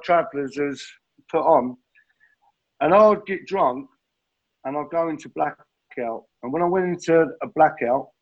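A man's voice: on the high side, dull audio. Blunt middle-aged man telling his story. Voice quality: rambling, blunt, swears, says mate constantly. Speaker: speaker sharing his recovery story. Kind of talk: addiction recovery share.

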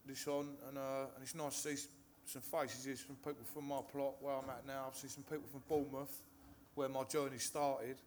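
A man's voice: medium pitch, little pitch movement, brisk, few pauses, darkish tone, slight background noise. Nervous English man telling his story. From Hertfordshire, England. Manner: nervous, swears often, restarts and filler phrases. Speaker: speaker sharing recovery story. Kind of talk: personal testimony to a live audience. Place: stage in a meeting hall.

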